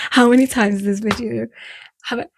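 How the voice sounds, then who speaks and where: A woman's voice: on the high side, steady tone, a little slow, gravelly, slight background noise. Frank chatty woman, Eastern European accent. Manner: frank and chatty, drifts off topic, laughs at herself. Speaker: vlogger giving breakup advice. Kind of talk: casual direct-to-camera talk.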